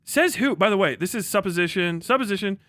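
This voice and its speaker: A man with a high, bright, ringing voice, recorded dry and close with no room sound. He reads an article aloud on a live stream and keeps tearing into it with exasperated, profane rhetorical questions. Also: lively intonation, quick pace, no echo. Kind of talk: live stream reaction, reading aloud and ranting.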